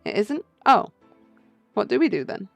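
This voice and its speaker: A woman's voice: mid-range voice, sing-song, moderate pace, gravelly, no echo, highs cut off, faint music behind. Woman voicing an eager, naive sparrow sidekick, game read-through. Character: eager, clueless young male sparrow sidekick. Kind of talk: game playthrough read-aloud.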